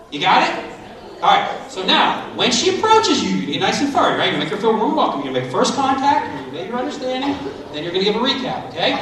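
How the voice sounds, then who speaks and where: Lively, high-voiced man rallying a school crowd. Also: very fast. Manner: animated, coaching and joking. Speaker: motivational speaker. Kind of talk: school assembly talk. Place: school assembly hall. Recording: very echoey hall, from far off.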